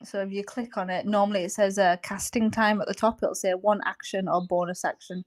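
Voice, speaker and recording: A woman's voice: mid-range voice, fairly even intonation, brisk. Woman narrating as game master. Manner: hesitant, filler-heavy, explaining rules.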